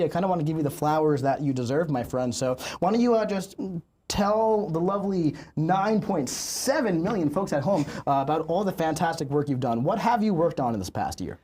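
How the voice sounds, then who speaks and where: A hyped man in his thirties hosts a game livestream, talking in a fairly high voice. He stretches words for emphasis and keeps up a chatty, upbeat flow. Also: darkish tone. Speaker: livestream host. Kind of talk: energetic official stream hosting.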